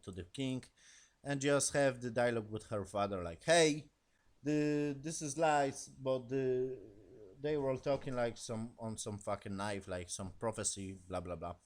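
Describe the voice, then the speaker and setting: A man giving a casual spoken review of a TV episode in non-native English, rambling and profane, animated as he retells scenes. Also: lowish voice.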